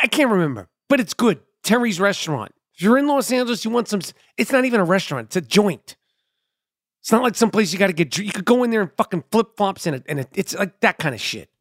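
A man's voice: high voice, a bit bright, no room sound, clean studio sound. A middle-aged man hosting a podcast, rambling in a loose, profane, streetwise monologue. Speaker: podcast host. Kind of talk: casual monologue.

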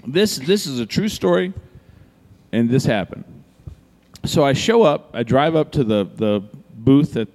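A man's voice: mid-range voice, animated, unhurried, a little mellow. A man telling a long story in casual chat, cursing freely and acting out both sides of a conversation. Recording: long echoey reverb.

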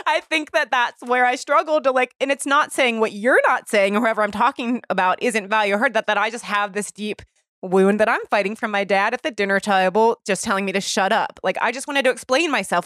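A woman's voice: mid-range voice, moderate pace, fairly bright tone, dry recording, studio quality. A woman in her thirties hosting a podcast, talking animatedly and openly, with swearing and laughter. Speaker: podcast host. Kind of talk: casual chat.

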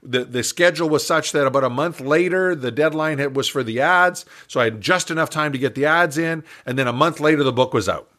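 An older man, a business coach, telling an animated story as a podcast guest and acting out the dialogue with chuckles. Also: fairly high pitch, a little fast, hardly any pauses.

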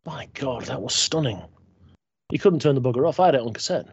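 A man's voice: medium pitch, animated, fairly quick, creaky, a little mellow, breathy edge, no room sound. Man, guest author, enthusiastic, dull lo-fi remote line, dry. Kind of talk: casual chat.

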